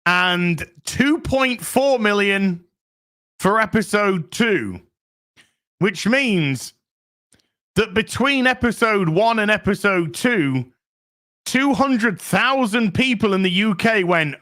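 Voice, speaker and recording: A man hosting a live stream, talking excitably to his chat, swearing freely as he reacts to the news. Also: sits high. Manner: excitable, swears, chats to viewers. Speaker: streamer host.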